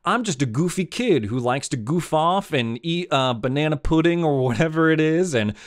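A man's voice: a little high, animated, moderate pace, voice pushed up, natural voice. A man putting on a mocking voice for a young boy hero who whines about feeling overwhelmed. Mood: overwhelmed whining. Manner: mocking, exaggerated.

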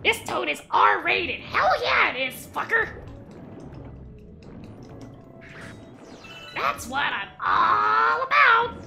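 A woman voicing a crude, excitable little mushroom man during a game livestream. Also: very high-pitched, takes it slowly, creaky, faint music behind, pitched above the performer's own voice, full character voice. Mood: brash. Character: squeaky foul-mouthed little mushroom man.

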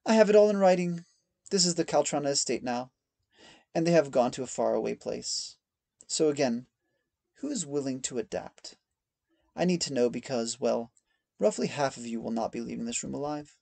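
A man voicing a masked older woman who rules an estate, speaking in an even, cool and menacing way. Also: medium pitch, moderate pace, creaky, dry recording. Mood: cold.

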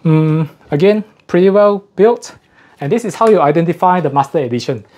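A man's voice: a little high, animated, brisk, a little mellow. Breathless man walking through an unboxing. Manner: methodical, explains technical details, self-correcting. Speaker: audio gear reviewer. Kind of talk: casual unboxing walkthrough.

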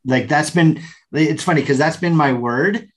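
A man's voice: a little high, a little slow. A man co-hosting a podcast, talking enthusiastically and earnestly in casual conversation. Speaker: podcast co-host.

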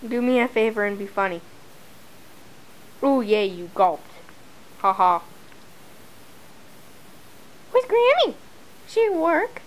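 A woman's voice: fairly high pitch, sing-song, measured pace, pauses often, low-quality recording. A woman filming her dog at home, talking to it in exaggerated sing-song baby talk.

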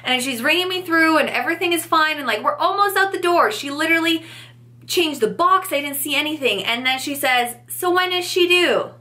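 A pregnant young woman telling a story to camera in a casual vlog, animated and chatty, acting out what people said. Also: high voice, fairly quick. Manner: animated, chatty, acts out quotes. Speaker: vlogger.

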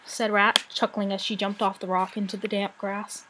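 A woman narrating a novel aloud for her channel, in steady storytelling. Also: medium pitch, normal speed, hardly any pauses. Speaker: channel host reading aloud.

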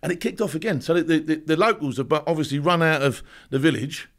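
Fast-talking guy, a bit high-pitched, telling war stories w lots of laughs and acted-out shouting. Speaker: guest, former special forces soldier. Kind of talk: animated storytelling.

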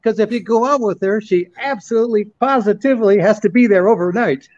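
A man impersonating a wisecracking older male stand-up comedian, firing off deadpan one-liners. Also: high-pitched, fast talker, lo-fi sound, noisy background, voice pushed up, close to an everyday voice. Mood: joking.

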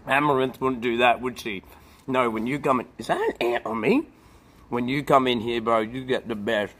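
Out by the pool, a young man keeps up relaxed live-stream banter with his chat, laughing often. His voice is mid-range and a bit bright, moving at a normal speed but pausing frequently.

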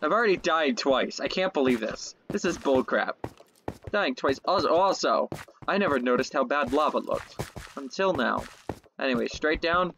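A woman giving casual gameplay commentary, excitable, talking to herself and swearing when things go wrong. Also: sits low, normal speed, a little hiss or hum. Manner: excitable, talks to herself, swears, frequent yelps and laughs.

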